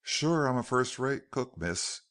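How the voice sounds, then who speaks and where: A man's voice: mid-range voice, expressive, unhurried, fairly bright tone. A male narrator voicing a friendly, folksy outlaw who cooks for the gang in an audiobook.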